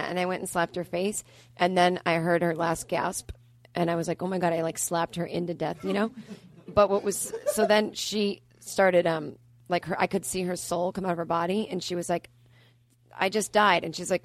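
A woman comedian from Boston, telling absurd stories in a deadpan, matter-of-fact way on a podcast. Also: fairly low pitch, a little fast. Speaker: comedian guest. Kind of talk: improvised comedy storytelling.

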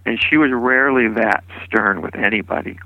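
Gravelly-voiced man recalling his teaching. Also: on the low side, no room sound, dull audio. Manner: unhurried, meandering, with frequent restarts. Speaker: spiritual teacher. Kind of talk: reflective storytelling interview.

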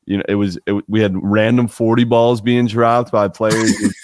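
Low-voiced laid-back man, dry sound. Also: flat delivery, normal speed, darkish tone, no room sound. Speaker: podcast co-host. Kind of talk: casual sports chat.

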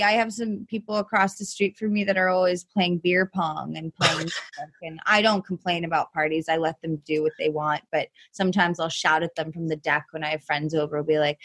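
A woman's voice: lowish voice, fairly even intonation, fairly quick, hardly any pauses, a bit bright, no room sound. A woman guest, an actress, chatting casually with self-mocking humor and frequent hesitations. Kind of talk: casual chat.

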